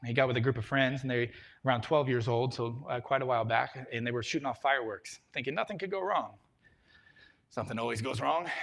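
A middle-aged man preaching a sermon, telling a story and swinging from loud emphasis to a hushed voice. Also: mid-range voice. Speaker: pastor.

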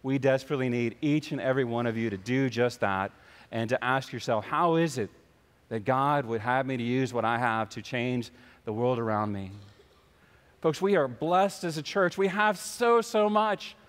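A man's voice: mid-range voice, normal speed, smooth, long reverb tail. A man preaching a sermon in a church, telling a story and acting out the voices of the people in it. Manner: storytelling, acts out the voices in his anecdotes. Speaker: pastor. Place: church sanctuary.

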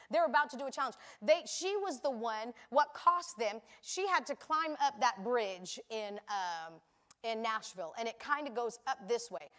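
A woman giving a sermon in a chatty, animated way, telling stories and acting out the people in them. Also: a little high. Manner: animated, acts out voices in anecdotes; chatty, conversational with frequent "you know". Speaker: preacher. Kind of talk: sermon with storytelling.

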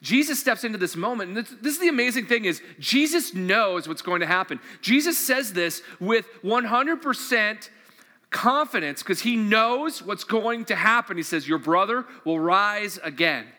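Man, pastor, sermon, earnest and conversational, high voice, crisp bright tone. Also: expressive, normal speed, long reverb tail. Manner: earnest, conversational preaching with repeated questions.

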